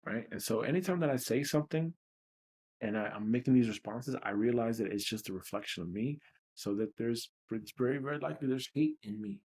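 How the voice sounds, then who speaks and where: A man's voice: medium pitch, animated, brisk, gravelly, darkish tone, husky. A man hosting a livestreamed self-help session, talking in a blunt, profane, emotionally raw way. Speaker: host of a tapping session.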